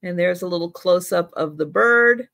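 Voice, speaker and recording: A middle-aged woman with a fairly low, slightly bright voice and some vocal fry speaks at a moderate pace as she hosts a casual live vintage sale. She chats freely and baby-talks to her pets between items, captured in clean studio sound with no echo.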